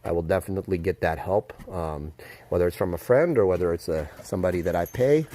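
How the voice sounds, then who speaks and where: A man vlogging casually outdoors at a horse paddock, excited and chatty, with lots of fillers, filmed on a handheld phone. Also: sits low, fast, slight background noise. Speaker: vlogger, dog trainer. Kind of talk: casual vlog to camera.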